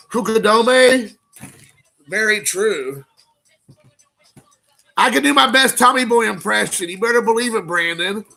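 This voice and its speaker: Excitable guy opening card packs, high voice, gravelly, rambly and jokey. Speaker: card collecting vlogger. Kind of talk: casual unboxing chat.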